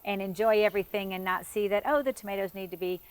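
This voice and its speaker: A woman's voice: mid-range voice, steady tone, fast, clear, resonant tone. Chatty woman showing her garden. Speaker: garden owner, grower. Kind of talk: casual chat. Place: outdoors in a garden.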